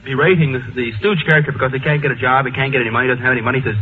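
A male comedy writer on a radio panel, halting and deadpan. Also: medium pitch. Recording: tinny old radio broadcast with hiss.

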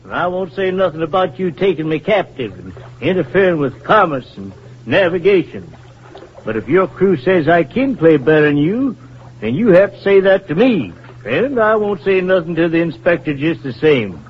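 A stubborn, husky backwoods flute player. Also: male voice, on the high side, big pitch swings, normal speed. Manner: stubborn, plain-spoken and earnest. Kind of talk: 1940s radio acting. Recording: muffled old radio recording.

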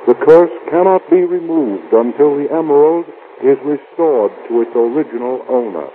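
A man announcing a radio serial, reading a formal recap in an even delivery on a tinny old recording. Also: mid-range voice, normal speed, slight background noise. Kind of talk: scripted radio recap narration.

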